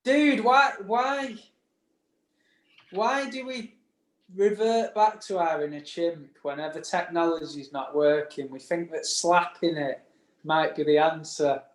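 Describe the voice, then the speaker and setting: A man's voice: a little high, takes it slowly. A man co-hosting a casual podcast chat, rambling through stories with frequent laughs and restarts. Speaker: podcast co-host. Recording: echoey room.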